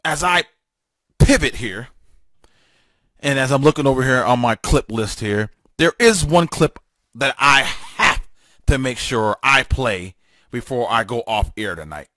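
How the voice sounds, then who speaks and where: A man's voice: medium pitch, animated, measured pace, pushed and bright, dry recording, studio quality. A man hosting a political talk show, delivering a fiery, emphatic solo monologue full of repetition and stammered restarts.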